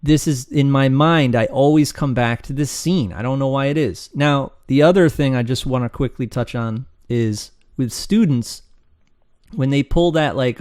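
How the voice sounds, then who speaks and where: A man with a medium-pitched voice explains at normal speed how to start an online business, rambling and animated in a casual screen-share lesson. He acts out his students' complaints in their voices, and the dry, studio-quality recording has no room sound.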